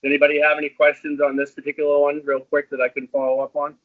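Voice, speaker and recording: A man's voice: fairly high pitch, monotone, fast talker, narrow, tinny audio. A man giving hands-on equipment training in a casual, rambling way, with frequent ums.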